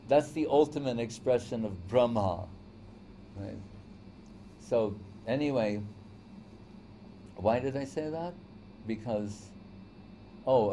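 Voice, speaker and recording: A man's voice: medium pitch, warm tone, slight background noise. A man teaching a devotional lecture in a conversational storytelling way, often checking in with "right?". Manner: storytelling, acts out quoted voices. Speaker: spiritual teacher.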